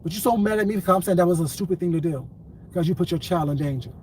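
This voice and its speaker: A man's voice: sits high, very fast, darkish tone, a little hiss or hum, low-quality recording. A man delivering a profane, confrontational commentary rant, repeating his points again and again. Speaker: commentary vlogger. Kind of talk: ranting commentary vlog.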